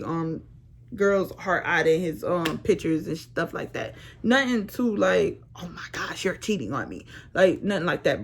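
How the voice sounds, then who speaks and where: A young woman casually telling a storytime vlog with animated, slangy phrasing. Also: on the low side, vocal fry. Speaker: vlogger.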